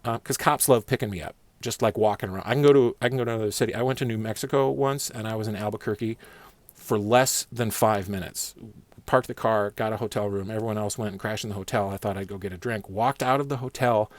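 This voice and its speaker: A man telling a personal story in a casual, rambling way, calm and profane. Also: on the low side, quick pace, dry recording.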